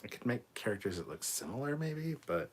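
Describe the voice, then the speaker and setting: A very animated man with a mid-range voice and a slightly fast pace hosts a casual livestream, reading viewer comments aloud and answering in a laid-back, blunt way with casual swearing. Slight background noise is audible.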